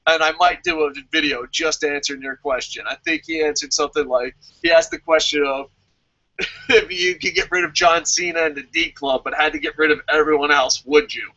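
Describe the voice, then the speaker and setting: A man's voice: fairly high pitch, moderate pace, sharp tone, dull audio. A man giving a casual, profane, joking rant as a show reviewer and reading viewer comments aloud. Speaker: wrestling review vlogger.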